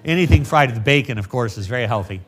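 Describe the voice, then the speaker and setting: A middle-aged man preaching a sermon as a pastor, reading scripture slowly and then telling folksy personal stories. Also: medium pitch, expressive.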